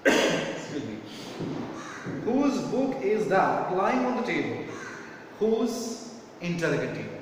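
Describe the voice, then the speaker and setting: Male teacher, high-pitched, slow, spells words out; distant echoey classroom-style recording. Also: slight background noise. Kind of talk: homework correction lesson. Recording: echoey room from far off.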